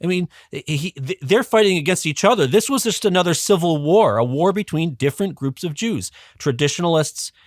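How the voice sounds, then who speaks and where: A man's voice: on the high side, animated, fairly quick, few pauses, no room sound, studio quality. A man as a guest educator, explaining history in a casual, conversational way with frequent ums and restarts.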